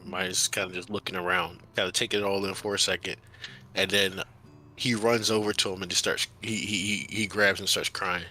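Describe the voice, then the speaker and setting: Bright-voiced man playing a tabletop game. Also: deep voice, little pitch movement, brisk, faint music behind, low-quality recording. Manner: casual, narrating his character's actions. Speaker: player. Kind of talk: tabletop role-play as a player.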